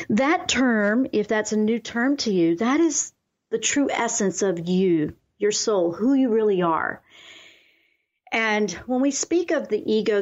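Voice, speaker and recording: A woman's voice: medium pitch, dull audio. A woman hosting a spiritual self-help radio show, talking earnestly and coaching listeners through affirmations.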